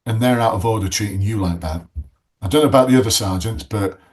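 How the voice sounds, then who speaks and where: A plain-spoken local man, calm and firm, as a storyteller quotes him. He speaks with steady authority and a lowish voice. The delivery stays close to everyday talk. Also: quick pace, natural voice. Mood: grateful. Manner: firm, plain-spoken, then warm thanks. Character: grateful rough local man, calm and commanding.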